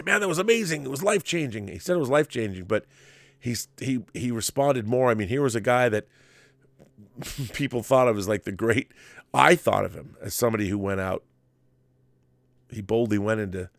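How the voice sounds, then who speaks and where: A middle-aged man with a lowish voice recalls working on a film in a loose, animated monologue. He often stumbles and repeats words as he goes. The sound is dry and close to the mic. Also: moderate pace, long pauses, dry recording. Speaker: podcast host and film director. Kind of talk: casual monologue answering a viewer.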